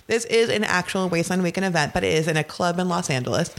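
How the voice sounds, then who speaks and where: A woman's voice: lowish voice, fast. A woman talking as a podcast guest in casual chat, blunt and profane, laughing often as she explains. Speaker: guest, festival veteran.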